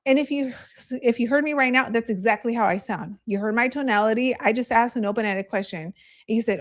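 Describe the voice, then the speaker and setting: A woman's voice: on the high side, brisk. A woman real estate agent giving a live training, telling candid stories in a chatty way and laughing easily.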